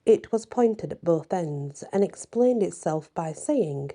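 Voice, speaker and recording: A woman reads a fairy tale aloud in a slow, measured way. Her voice is very dark and mellow, and her telling is expressive. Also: fairly low pitch. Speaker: storyteller.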